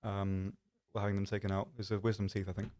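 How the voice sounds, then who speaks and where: A man's voice: fairly low pitch, little pitch movement, quick pace, a little mellow. A man hosting a live stream, chatting casually in a rambling, self-deprecating way with lots of ums. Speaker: stream host.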